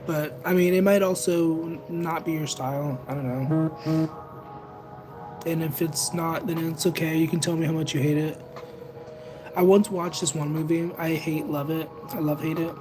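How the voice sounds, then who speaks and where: A young man chatting casually with viewers on a livestream, rambling and second-guessing himself out loud. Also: fairly high pitch, fairly even intonation, normal speed. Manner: rambling, self-conscious, overthinks aloud. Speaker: livestreamer and tarot reader. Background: music playing in the background.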